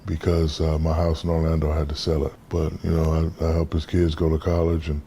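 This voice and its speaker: A man in his fifties from the United States, an interview guest telling stories in a relaxed, casual way and acting out the voices in them. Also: extremely low pitch, fairly quick, slight background noise. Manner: relaxed storyteller, acts out quoted dialogue.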